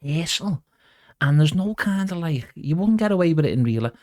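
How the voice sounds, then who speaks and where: A man's voice: a little high, expressive, a little fast, darkish tone, no room sound, studio quality. A middle-aged man chatting as a podcast guest, rambling casually and calling the host "mate". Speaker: guest impressionist.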